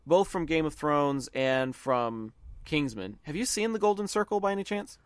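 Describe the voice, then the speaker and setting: A man's voice: fairly high pitch, lively intonation, moderate pace, smooth, dry recording. A man from the American South co-hosting a podcast, chatting casually and enthusiastically about movies, often restarting his phrases. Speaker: podcast co-host.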